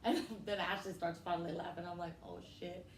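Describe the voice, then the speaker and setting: A woman's voice: on the low side, fairly even intonation, fast talker. A woman comedian telling a wild family story in casual chat, brash and profane, acting out the quotes. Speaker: comedian guest. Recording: echoey room with faint noise.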